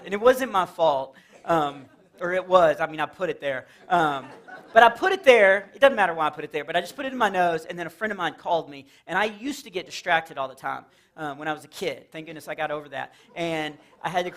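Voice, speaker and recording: A middle-aged man from Texas doing live Christian stand-up in a church, telling stories with lively acted-out quotes. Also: fairly high pitch. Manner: animated storytelling with acted-out quotes and laughs. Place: church hall with a live audience.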